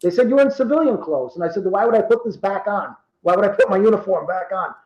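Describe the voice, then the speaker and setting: A man in his fifties from Rhode Island, telling true stories in casual talk and acting out the quoted dialogue with lively energy. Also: high-pitched, quick pace, roomy sound, lo-fi sound. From Rhode Island, USA. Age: 50s. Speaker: guest. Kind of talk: casual storytelling.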